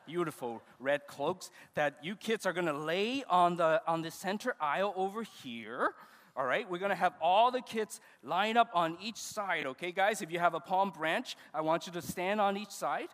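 A man pastor leading a children's service, giving animated, coaxing instructions to the kids. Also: high voice, normal speed. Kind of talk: children's sermon with puppet skit. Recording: reverberant church hall.

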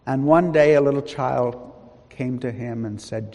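A man preaching a sermon in a large church hall, measured and emphatic, with long pauses. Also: medium pitch, creaky, warm tone.

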